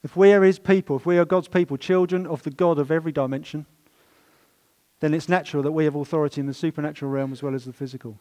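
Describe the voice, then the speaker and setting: A man preaching a sermon in a church, telling stories and stressing words with swings in loudness. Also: a little high, fairly even intonation, fast, dull audio. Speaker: pastor.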